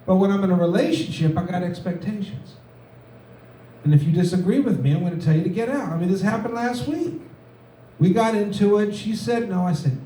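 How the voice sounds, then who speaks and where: A man doing a stand-up set in a comedy club, delivering deadpan one-liners with halting fillers. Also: sits high, distant mic. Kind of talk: stand-up set at an open mic. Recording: echoey room, mic heard from afar, faint noise.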